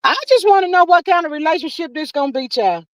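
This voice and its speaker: A woman's voice: sits high, lively intonation, fast talker, no echo, rough recording. Folksy woman host on a dry mic. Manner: folksy, calls listeners "child" and "honey". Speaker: livestream host. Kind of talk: casual livestream chat, reading viewer comments.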